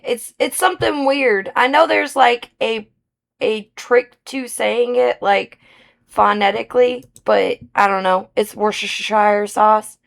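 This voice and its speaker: Woman streamer w/ an accent, slow and kinda gravelly, muttering along as she plays. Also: on the high side. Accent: non-British accent. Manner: chatty, mumbles game actions to herself. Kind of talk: casual live-stream chat.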